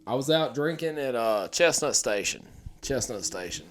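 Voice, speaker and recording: A man's voice: medium pitch, lively intonation, normal speed, a bit bright. A man telling a rambling, crude story in an easygoing way during casual chat.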